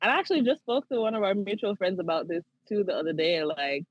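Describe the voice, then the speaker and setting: A woman's voice: mid-range voice, fast talker, no echo, dull audio. A young woman guest in a casual chat, telling her story reflectively and acting out her own past words. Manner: reflective storytelling, laughs easily, acts out her own quotes. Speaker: podcast guest.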